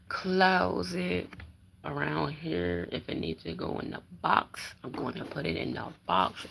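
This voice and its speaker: A woman's voice: very deep voice, gravelly, noisy background. A woman chatting casually on a live stream while packing up her bedroom, greeting viewers and praising God. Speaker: vlogger.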